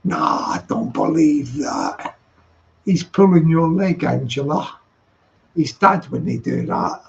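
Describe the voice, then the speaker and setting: Gravelly high-voiced man chatting. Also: lively intonation, slow pace, darkish tone, dull audio. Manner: chatty, laughs often, teasing. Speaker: live stream host reading chat. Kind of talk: casual late-night chat.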